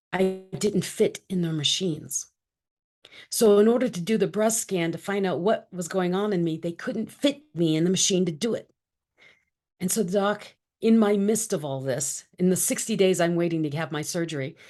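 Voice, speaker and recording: Middle-aged woman guest, slightly low voice, lively storyteller who plays every voice in her tale. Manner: animated, acts out quoted dialogue. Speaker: interview guest. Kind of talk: personal storytelling.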